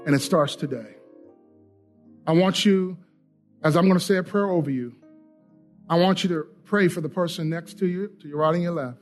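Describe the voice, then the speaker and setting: Male pastor, high voice, fiery call-and-response sermon, church setting. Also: fairly quick, faint music behind. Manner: fiery, call-and-response preaching that swings from loud shouts to quiet prayer. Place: church sanctuary with a congregation.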